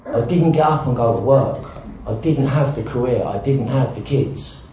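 A man shares his recovery story in a blunt, self-mocking way, dropping the odd swear word. His voice booms around a large, very echoey hall. The recording sounds dull and muffled. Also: normal speed, mellow, slight background noise. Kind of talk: personal recovery talk with self-mocking humour.

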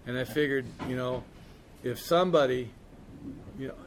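A man's voice: medium pitch, moderate pace, creaky, a little hiss or hum. A man candidly telling a recovery story in a casual, profane way, peppered with "man" and "you know". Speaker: speaker sharing his recovery story.

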